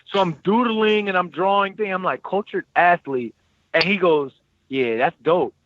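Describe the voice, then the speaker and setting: A man's voice: high voice, moderate pace, dry recording. Man on a tinny phone-like line. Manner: animated storyteller, slangy, repeats phrases. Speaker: podcast guest, former football player. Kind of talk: casual storytelling interview.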